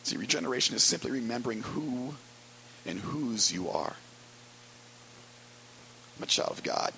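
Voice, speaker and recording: A man preaching a conversational sermon as pastor, wry and storytelling with quick asides. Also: medium pitch, lively intonation, creaky, sharp tone, a little hiss or hum, low-quality recording.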